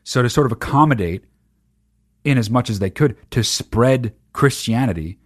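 A man's voice: mid-range voice, moderate pace, no echo, clean studio sound. A man ranting casually in a sardonic, profane way about a childhood memory. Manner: sardonic, heavy swearing, lively emphasis. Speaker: monologue speaker.

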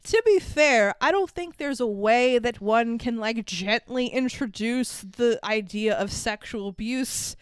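A woman's voice: on the high side, measured pace, few pauses, clear, resonant tone, no echo, studio quality. Laughing, foul-mouthed woman podcaster. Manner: profane, laughs often, acts out characters' lines. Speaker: podcast co-host. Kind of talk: casual movie-review chat.

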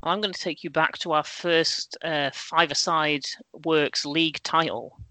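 A man's voice: on the high side, fairly even intonation, unhurried, bright, forceful tone, dry recording, poor audio. A man on a podcast panel, telling wry, self-deprecating anecdotes.

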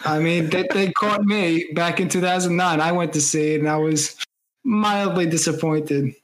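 A man co-hosting a relaxed podcast, his voice sitting a bit higher than most men's. He rambles through his opinions, throwing in quick asides and the odd "like". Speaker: podcast co-host. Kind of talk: casual podcast chat.

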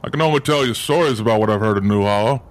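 A man voicing a gruff, folksy male town steward who chews as he talks and rambles on. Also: lowish voice, very fast, natural voice. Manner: drawling, rambling, chewing sounds. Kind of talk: tabletop role-play character voice.

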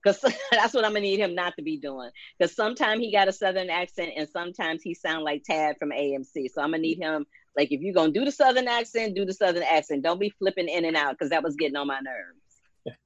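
A woman's voice: on the low side, quick pace, no echo. A woman co-hosting a soap recap show, sassy and blunt in casual chat. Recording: dull dry lo-fi mic.

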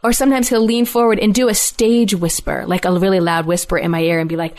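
A woman's voice: mid-range voice, quick pace. A woman in casual chat who tells stories with lots of laughter and acts out the people she quotes. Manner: animated storyteller, laughs often, acts out quotes. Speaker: podcast co-host, mother.

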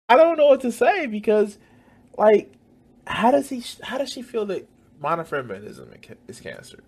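A man's voice: high voice, huge pitch swings, measured pace, pauses often. A man hosting a reaction video, reacting with heavy swearing, laughter and exclamations. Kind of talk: profane reaction commentary.

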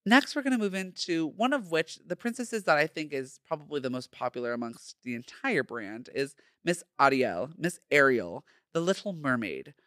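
A man's voice: a little high, very animated, normal speed, few pauses, fairly bright tone, dry recording, clean studio sound. A young man hosting a casual solo podcast, sassy and playful, full of slang. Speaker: podcast host.

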